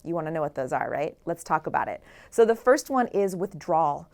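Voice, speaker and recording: A woman's voice: low voice, sing-song, a little fast, gravelly, a little mellow. A woman author giving an earnest motivational talk, asking the listeners rhetorical questions. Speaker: author and speaker.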